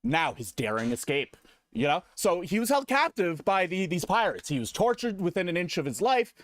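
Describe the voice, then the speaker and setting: Animated, profane male streamer. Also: high-pitched, normal speed, dry recording. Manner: mock-serious, profane, animated. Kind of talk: comedic slideshow rant.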